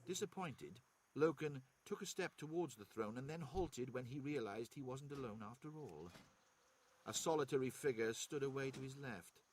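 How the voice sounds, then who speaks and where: Norwegian man, second-language reader, steady narration, husky. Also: medium pitch. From Norway. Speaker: streamer reading aloud. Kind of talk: reading a novel aloud.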